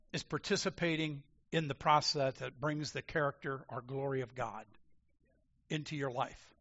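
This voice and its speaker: Preacher, male, bright and forceful, slightly higher voice, dull lo-fi recording. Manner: emphatic and animated, swinging from loud declarations to quiet asides. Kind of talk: sermon. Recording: dull lo-fi sound.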